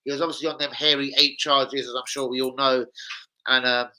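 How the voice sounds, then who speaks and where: A man's voice: mid-range voice, little pitch movement, brisk, pushed and bright, rough recording. A man hosting a football fan channel, hyper and slangy, swearing freely through casual chat and a transfer news roundup.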